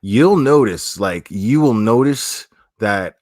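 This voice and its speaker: A man's voice: lowish voice, expressive, takes it slowly, darkish tone, dry recording, studio quality. A man from South Florida with a South Florida accent, chatting casually on a livestream and answering comments in a rambling, profane way with many restarts. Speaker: streamer.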